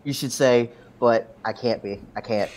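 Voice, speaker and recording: A man on a casual show review panel, speaking haltingly and repeating words. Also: mid-range voice, a little mellow, slight background noise. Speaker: podcast panelist.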